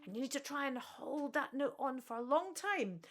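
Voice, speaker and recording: A woman with a Scottish accent leading a call-and-response singing lesson, encouraging and speaking slowly and clearly between sung phrases. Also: sits high, expressive, fairly bright tone. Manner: encouraging, slow and clear, sings sung examples. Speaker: music teacher.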